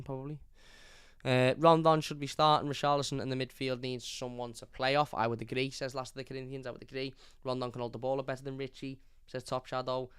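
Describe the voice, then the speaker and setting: A man's voice: medium pitch, smooth, no echo, studio quality. A young man, hosting a fan channel and reviewing a match live, blunt and opinionated, reading out chat comments. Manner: blunt, opinionated, repeats points.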